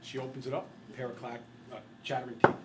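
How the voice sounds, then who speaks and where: With a medium-pitched, level voice and a quick delivery, this middle-aged math teacher keeps things playful over some background noise. His jokey anecdotes come with little voices he acts out.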